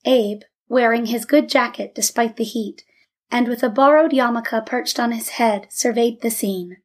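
A woman reading a story aloud in a measured, steady narration. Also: a little high. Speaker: audiobook narrator.

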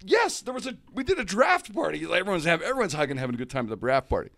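A man spins a story in loose talk-show chat, his pitch leaping all over the place. His voice carries a gravelly edge, and the sound is close and dry. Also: racing, no room sound. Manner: animated, does comic voices mid-story.

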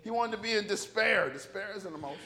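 A man's voice: high-pitched, quick pace, vocal fry. A middle-aged male pastor preaching a sermon, telling stories and acting out the voices of the people in them. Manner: animated storytelling, acts out voices.

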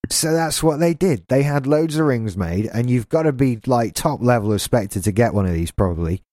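A man's voice: medium pitch, lively intonation, moderate pace, dark tone, dry recording, clean studio sound. A man co-hosting a podcast, riffing in casual chat with jokey, rambling tangents. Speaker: podcast co-host.

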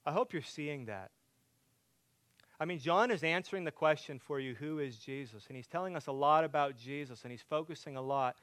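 A man preaching a sermon to a congregation, asking them direct questions and building from quiet teaching to loud, emphatic preaching. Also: fairly high pitch, a little fast, no echo. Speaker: pastor.

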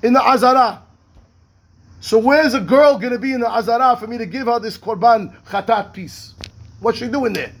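A man, a rabbi teaching a Talmud class, reading text quickly and explaining it in rhetorical questions. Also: very high voice. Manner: animated, reads Hebrew text fast then explains in English; asks rhetorical questions, acts out the rabbis' voices.

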